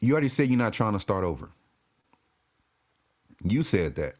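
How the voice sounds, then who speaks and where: Animated ranting man. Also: fairly low pitch, moderate pace. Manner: animated, profane, repetitive restarts. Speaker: sports fan commentator. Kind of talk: ranting vlog.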